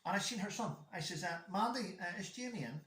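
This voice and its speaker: A man's voice: sits high, expressive, fast talker, fairly bright tone. A man chatting casually as a guest, telling a rambling story about his son and acting out the dialogue. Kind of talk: casual chat. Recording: echoey room.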